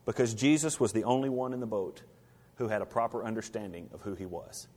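A man preaching a sermon, swinging from hushed to loud, rising passages and asking the congregation rhetorical questions. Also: lowish voice, brisk. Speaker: pastor. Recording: reverberant hall.

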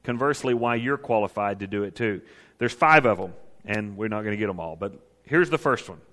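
A man's voice: on the low side, a little fast, a bit bright. Emphatic male preacher in echoing hall. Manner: emphatic, repeats key phrases. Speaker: preacher teaching on counseling. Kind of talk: sermon. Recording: long reverb of a large hall.

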